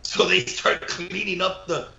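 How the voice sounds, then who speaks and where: A man with a slightly high voice, chatting casually and chuckling through his stories while mixing in Spanish. The room sounds echoey and the audio is dull and lo-fi. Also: unhurried, gravelly, crowd noise. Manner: chuckling, trades anecdotes in English and Spanish. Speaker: co-host. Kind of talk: casual chat.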